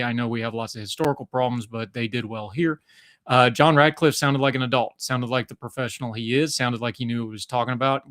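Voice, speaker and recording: A man's voice: medium pitch, fairly bright tone, dry recording. A man from the United States giving blunt, opinionated live-stream commentary, with frequent fillers and restarts. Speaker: political commentator.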